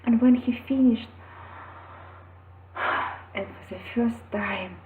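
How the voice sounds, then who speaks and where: A woman, a mother, earnestly telling her own story and giving parenting advice, acting out quotes with sudden loud and whispered shifts. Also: on the high side, steady tone, slow pace, pauses often, slight background noise. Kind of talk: personal advice vlog. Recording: echoey, phone-like audio.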